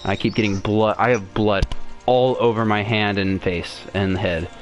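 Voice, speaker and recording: A man's voice: on the low side, fairly even intonation, normal speed, lo-fi sound, faint music behind. A young man telling a long personal story on a podcast in a rambling, profane way, full of restarts and fillers. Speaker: podcast host. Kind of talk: casual storytelling.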